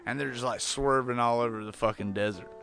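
A man's voice: mid-range voice, brisk, vocal fry, over music. A man in casual movie chat as a podcast co-host, swearing freely and acting out scenes in voices. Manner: animated, swears a lot, acts out scenes in voices.

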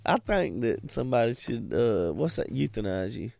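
A man's voice: mid-range voice, very animated, normal speed, gravelly, a little mellow, no room sound. A man co-hosting a podcast, chatting casually about movies, giggly and profane, drifting into tangents. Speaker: podcast co-host.

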